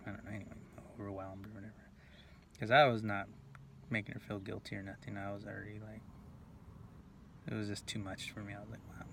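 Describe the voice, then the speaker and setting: Man recounting his past, low and monotone, halting delivery, faint hiss. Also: vocal fry. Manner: halting, full of fillers and restarts, drops to near whispers. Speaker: video blogger. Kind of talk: rambling personal storytelling.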